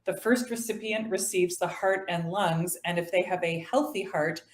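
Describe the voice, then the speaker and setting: A woman's voice: lowish voice, steady tone, moderate pace. A woman earnestly explaining a medical fact to others during an online trivia game. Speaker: trivia player, living liver donor. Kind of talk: casual explaining on a video call. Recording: echoey room on a video call.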